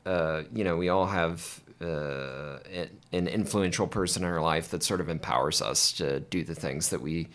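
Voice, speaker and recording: A man's voice: low voice, normal speed, hardly any pauses. A young man from Texas, a podcast guest, chatting casually and hesitantly with many fillers and restarts. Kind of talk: casual interview chat.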